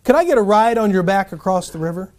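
A man's voice: high-pitched, lively intonation, quick pace, darkish tone, slight background noise. A man voicing a sly male scorpion who begs for a ride and then shrugs off his sting, told as a fable within a sermon. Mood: pleading. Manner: pleading, then casually unapologetic.

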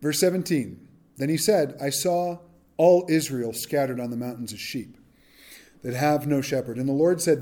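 Guy preaching thru a bible chapter, acts out the quotes all casual, kinda high voice but warm. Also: normal speed. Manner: animated, acts out quotes in modern slang. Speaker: pastor. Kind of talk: expository sermon.

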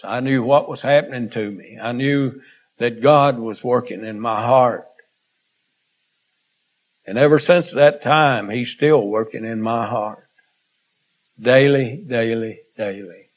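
A male preacher delivers his sermon at an unhurried, deliberate pace. He speaks earnestly, stretching out phrases and letting many line endings drop away softly. His voice sits at an ordinary pitch for a man. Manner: slow, earnest, with drawn-out phrases and trailing quiet endings.

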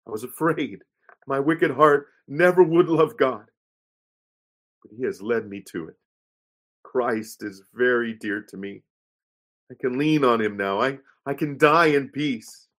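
A man reading the part of a dying young woman who turns from despair to peace, in a slow, halting way. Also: medium pitch, a bit bright, natural voice. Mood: peaceful.

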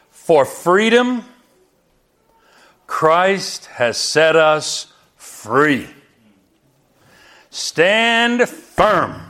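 A man's voice: on the high side, pushed and bright. A man preaching a sermon as pastor, exuberant, with frequent hallelujahs and calls to the congregation.

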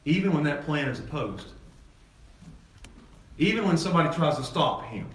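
A man preaching a sermon as pastor, animated, swinging from loud excited peaks to low emphatic lines. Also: normal speed. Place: church sanctuary. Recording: echoey church hall from far off, faint ambience.

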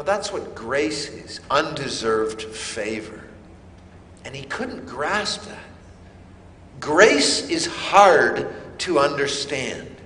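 A man preaching a sermon, slow and emphatic with dramatic pauses. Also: fairly high pitch, expressive, bright, forceful tone, roomy sound, long reverb tail, a little hiss or hum. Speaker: pastor.

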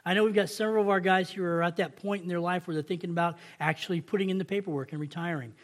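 A man giving an informal sermon to coworkers, talking conversationally, repeating phrases and checking in with a quick "right?". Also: high-pitched, steady tone. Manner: conversational, repeats and restarts phrases, stretches key words slowly; addresses listeners directly with "right?".

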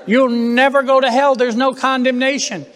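Fervent high-voiced preacher in a reverberant hall. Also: male voice, level tone, moderate pace, a bit bright. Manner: fervent, rhetorical questions, repeated phrases. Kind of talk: sermon.

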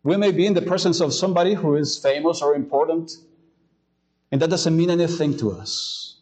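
Male pastor, sermon delivery, a touch high-pitched, hesitant storyteller, slows deliberately for scripture readings. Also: a little mellow, poor audio. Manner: hesitant, many fillers in the anecdote, slowing to read scripture.

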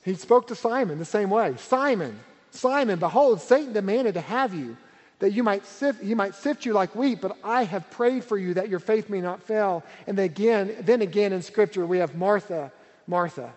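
A man's voice: sits high, lively intonation, moderate pace, darkish tone. A man preaching a sermon as pastor, earnest and emphatic, repeating key words for weight. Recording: reverberant hall.

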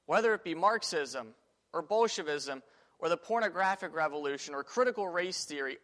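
A man with a somewhat high voice teaches a Sunday school class in a church classroom. He talks casually, thinking aloud with fillers and restarts. The recording carries a long, lingering reverb from the room. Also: fairly bright tone.

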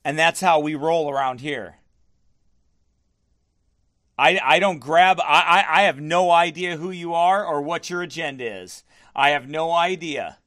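A man's voice: on the high side, measured pace, pushed and bright. A man pastoring a livestream, firmly answering viewer comments and repeating himself for emphasis. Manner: firm, defensive, repeats himself.

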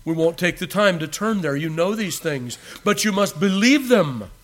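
A man preaches a sermon in a slightly high voice. He talks emphatically, building to loud declarations and dropping to hushed endings. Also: lively intonation, normal speed. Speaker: pastor.

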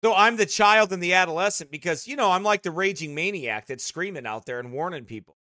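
A man preaching an impassioned sermon, shouting and hammering his points with repetition. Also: high voice, fairly quick, no room sound, studio quality. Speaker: pastor.

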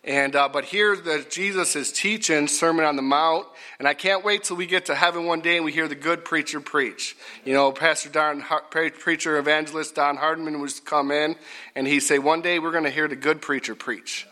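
A middle-aged man preaching a folksy sermon, repetitive and rising to loud emphatic bursts. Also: on the high side, steady tone, moderate pace.

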